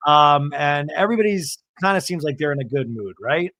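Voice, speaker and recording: A man's voice: a little high, lively intonation, a little fast, bright, forceful tone, no echo. Wry chatty man recapping a show. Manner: chatty, wry, drops into playful voices. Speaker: podcast host. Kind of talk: casual recap commentary.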